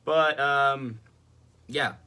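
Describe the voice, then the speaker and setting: A man's voice: mid-range voice, drawn-out words, sharp tone, clear, resonant tone. A young man ranting casually and profanely in a movie review vlog, exasperated. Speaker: vlogger.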